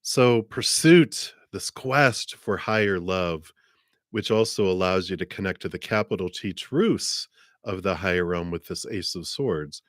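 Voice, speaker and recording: A man with a very low voice reads tarot cards for viewers on a livestream. He talks in a friendly, chatty flow and clears his throat every so often. The sound is dry and close. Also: expressive, measured pace, fairly bright tone, no echo. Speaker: tarot reader.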